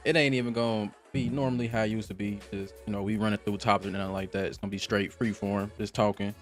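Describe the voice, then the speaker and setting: A man's voice: fairly low pitch, quick pace, faint music behind. Young man hyping up his guests. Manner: hypes up guests, energetic. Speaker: podcast host. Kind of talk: casual chat.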